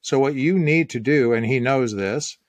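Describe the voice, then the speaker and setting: A middle-aged man, speaking in a dry, close recording. He tells stories at an unhurried pace and reflects on them, with a laugh here and there. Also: medium pitch, no echo. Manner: reflective, storytelling, easy laughs. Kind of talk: casual conversation.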